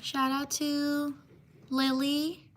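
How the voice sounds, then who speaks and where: A woman hosting a casual livestream, giving slow, unhurried shout-outs and apologizing for mispronouncing names. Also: high voice, completely flat delivery, a little hiss or hum. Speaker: livestream host.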